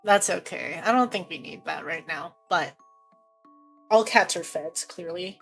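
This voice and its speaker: A woman's voice: fairly low pitch, unhurried, creaky, husky, faint music behind. A young woman streaming, chatting casually in a rambling, jokey way and laughing often.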